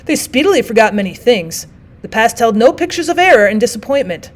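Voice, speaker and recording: A woman teacher reading a classic novel aloud in clear, expressive audiobook narration. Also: on the high side, fairly quick.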